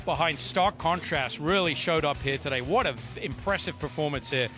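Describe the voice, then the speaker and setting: A man's voice: fairly high pitch, moderate pace, over music. A man recapping a race with emphatic commentary. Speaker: racing analyst.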